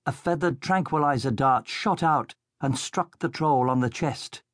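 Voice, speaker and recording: A man reads a children's adventure story in a steady, measured way, taking his time over each line. His mid-range voice sits close and dry on the microphone, with no room around it. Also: medium pitch, dry recording. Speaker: audiobook narrator. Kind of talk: scripted children's audiobook narration.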